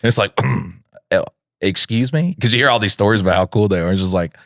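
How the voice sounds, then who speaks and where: A man's voice: on the low side, quick pace, fairly bright tone, no echo, studio quality. A young adult man co-hosting a comedy podcast, rambling crudely and acting out silly voices. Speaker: podcast co-host. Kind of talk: comedic reaction chat.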